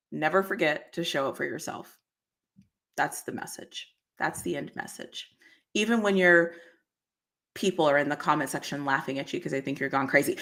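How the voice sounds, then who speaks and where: A woman's voice: mid-range voice, pushed and bright. A woman hosting a casual livestream, chatting freely, often laughing and answering comments from the chat. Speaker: livestream host.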